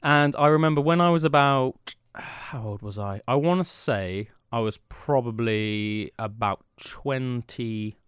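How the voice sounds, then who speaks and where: A man's voice: mid-range voice, a little slow, clear, resonant tone, no echo, studio quality. A young man, co-hosting a podcast as a rambling, self-mocking storyteller. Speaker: podcast co-host. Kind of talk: casual chat. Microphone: studio mic.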